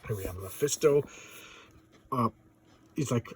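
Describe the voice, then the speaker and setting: A man's voice: mid-range voice, measured pace, breathy edge. A man chatting casually as a comic book reviewer, rambling with lots of fillers and restarts. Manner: rambling, filler-heavy, enthusiastic. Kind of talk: casual chat. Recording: distant mic.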